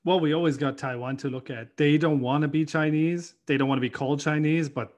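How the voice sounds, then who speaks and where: A man hosting a casual conversation, telling stories in a rambling, animated way with lots of fillers. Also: on the high side, brisk.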